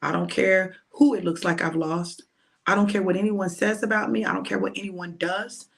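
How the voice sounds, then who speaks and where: With a steady, medium-pitched voice, moderate pace and noticeable vocal fry, a woman minister delivers a prophetic message to her viewers. Her informal preaching is emphatic and repetitive, full of colloquial phrasing.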